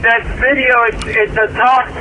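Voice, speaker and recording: A man's voice: extremely high pitch, flat delivery, unhurried, sharp tone, slight background noise, voice pushed up, exaggerated voice, rough recording. A man voicing a rambling old male professor who calls in to a comedy podcast and loses his thread. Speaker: caller.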